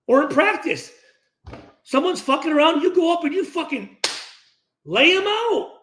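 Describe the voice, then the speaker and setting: Middle-aged guy ranting about football, swears a lot, high lively voice, echoey room. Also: normal speed. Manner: profane, animated, acts out dialogue. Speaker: former player hosting a post-game reaction. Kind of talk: casual unscripted rant. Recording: roomy echo.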